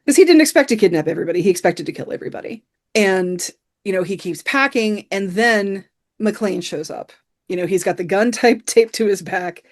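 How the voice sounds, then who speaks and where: A woman's voice: medium pitch, expressive, brisk. A woman co-hosting a podcast, casually recapping a film scene by scene with lots of "you know" fillers. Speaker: podcast co-host. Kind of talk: casual film review chat.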